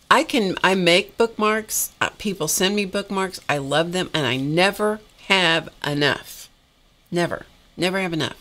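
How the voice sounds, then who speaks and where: On a craft live stream, a middle-aged woman with a fairly low, fairly bright voice chats casually with her viewers while opening happy mail. She exclaims over the gifts, sounding a little tired and coughing now and then.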